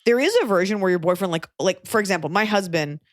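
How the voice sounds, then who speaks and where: A woman's voice: on the low side, quick pace, no room sound, clean studio sound. A woman hosting a podcast, giving frank advice in casual chat, often restarting her sentences. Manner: chatty, frank, self-interrupting. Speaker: podcast host.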